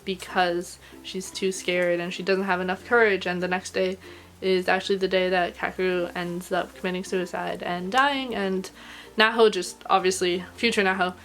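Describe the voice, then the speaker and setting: A woman recording a casual video review, chatty and gushing, filling her talk with "like" and letting her pitch climb when she gets emotional. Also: little pitch movement, moderate pace, a bit bright. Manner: chatty and gushing, heavy use of "like". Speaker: anime reviewer.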